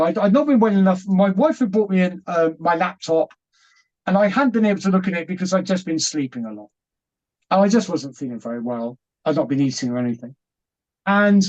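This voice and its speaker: Animated high-voiced British man. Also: dull audio. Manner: animated, acts out quotes, laughs often. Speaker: guest. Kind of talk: storytelling interview.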